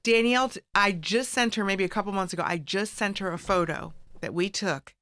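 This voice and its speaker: A woman's voice: mid-range voice, brisk, a bit bright. A middle-aged American woman telling stories as a guest in a casual chat, acting out the people she quotes. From United States. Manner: storytelling, acts out quoted voices.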